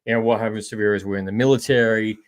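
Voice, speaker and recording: An Australian man hosts a live podcast, rambling casually about shows and games, answering viewer comments, and calling people "mate" a lot. His voice is fairly low and steady, and he talks at a racing speed.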